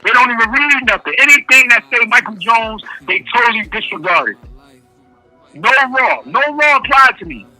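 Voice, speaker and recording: High, bright-voiced man, emphatic and repetitive. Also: animated, moderate pace, dry recording, soft background music, low-quality recording. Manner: emphatic, repeats key phrases, street-casual speech. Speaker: incarcerated interviewee. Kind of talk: impassioned interview answers.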